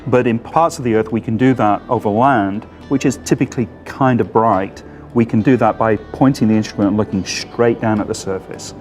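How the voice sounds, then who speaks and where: A man with a fairly low voice answers interview questions as a mission scientist. He explains things methodically, the way a lecturer would. Faint music plays behind him. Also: normal speed, a little mellow.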